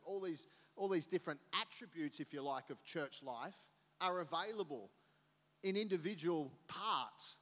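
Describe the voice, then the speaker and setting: Middle-aged pastor preaching in a hall. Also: male voice, high-pitched, moderate pace. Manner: animated storytelling, acting out voices loudly. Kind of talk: sermon. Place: church auditorium. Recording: long reverb of a church hall.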